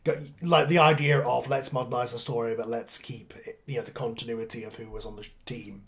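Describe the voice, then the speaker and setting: An English man hosts a relaxed chat, his voice sitting at a middle pitch. He thinks aloud as he goes, full of fillers and little restarts. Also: a little fast. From England. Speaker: podcast host. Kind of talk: casual chat.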